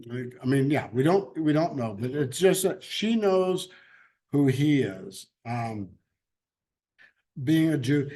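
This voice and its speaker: Slow-talking man teaching Bible class. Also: mid-range voice, expressive, dark tone. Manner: chatty, laughs easily, loose restarts. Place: church classroom.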